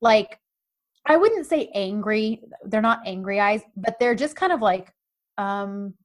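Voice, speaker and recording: A woman co-hosting a casual chat, retelling scenes in an animated way and acting out the quotes. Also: fairly high pitch, unhurried. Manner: chatty, animated retelling with acted-out quotes and laughs. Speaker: podcast co-host recapping a TV drama.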